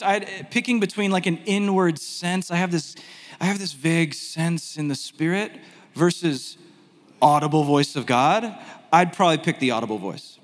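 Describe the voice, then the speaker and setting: A man teaching a sermon in a conversational, animated way, with self-deprecating asides. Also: sits high, big-room sound. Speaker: pastor.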